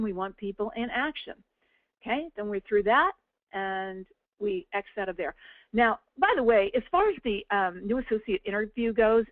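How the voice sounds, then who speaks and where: A woman's voice: mid-range voice, dry recording. A woman team leader walking listeners through a business tool in a chatty, upbeat coaching manner, often checking in with "okay?". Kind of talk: casual webinar walkthrough. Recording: tinny phone-like audio.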